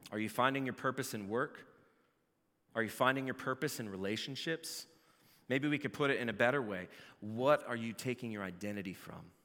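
A man delivers a sermon as the pastor, his voice bright and forceful. He talks with lively energy and breaks into loud outbursts when he jokes. His voice rings with the long reverb of a large hall. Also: medium pitch, a little fast. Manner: animated, builds to shouting in jokes.

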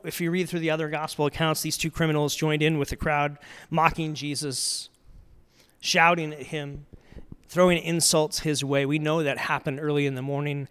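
A middle-aged man preaching a sermon in a slightly raised voice. He tells the story earnestly, pushing some points out loud and letting others fall to near a murmur. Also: a little high, clean tone. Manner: earnest storytelling, rising to loud emphasis then dropping soft. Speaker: pastor.

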